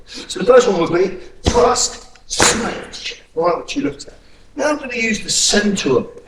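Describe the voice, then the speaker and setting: A man's voice: high voice, expressive, a little slow, far from the mic, heavy background noise. A man teaching a hands-on self-defence class, blunt and profane, barking drill commands between explanations. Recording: echoey room, voice from afar.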